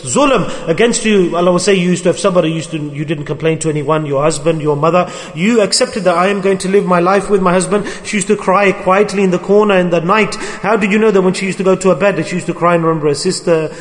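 A man's voice: high voice, fast talker, few pauses, in a large hall. A man preaching a sermon to his brothers, telling stories and acting out the quoted voices of the people in them. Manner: storytelling, acts out quoted speech.

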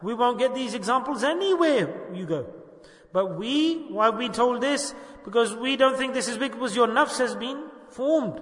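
Older high-voiced preacher, echoey hall. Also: male voice, expressive, normal speed, fairly bright tone. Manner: rhetorical, keeps questioning the listeners, light humor. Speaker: shaykh leading a dhikr gathering. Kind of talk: informal sermon. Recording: echoey hall with long reverb.

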